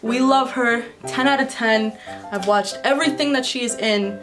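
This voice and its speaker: A woman's voice: a little high, moderate pace. A woman vlogger from New York answering viewer questions in a candid, chatty way, telling stories with plenty of swearing. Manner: chatty, candid and profane storyteller. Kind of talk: casual Q&A vlog. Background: background music.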